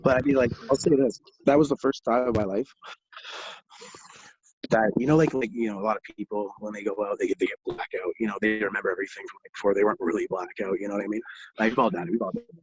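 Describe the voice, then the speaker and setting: A man's voice: on the low side, fairly even intonation, fast talker, highs cut off, a little hiss or hum. A young man telling rambling stories in casual chat, laughing through them and swearing a lot. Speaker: guest.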